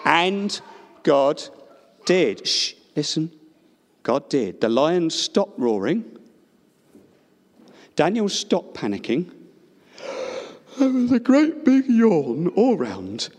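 A man telling a story to a crowd in a big hall, high-pitched and hugely animated, swooping up and down. He speaks slowly and playfully, pulling listeners into the tale. A long reverb trails his voice. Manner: expressive, playful, asks listeners to join in. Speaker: children's storyteller. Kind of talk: animated storytelling with audience participation.

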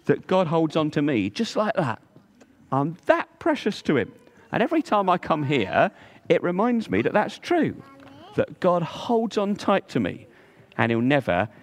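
Male storyteller for kids, slightly high voice, coaxing, dramatic pauses. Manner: gentle and coaxing, drawn-out emphasis. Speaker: children's talk leader at church. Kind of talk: storytelling to children.

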